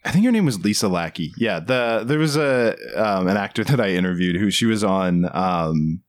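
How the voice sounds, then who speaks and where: A man's voice: fairly low pitch, animated, normal speed, no room sound. A man co-hosting a podcast, chatting casually and rambling with many fillers. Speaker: podcast co-host who interviews actors. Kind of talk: casual chat.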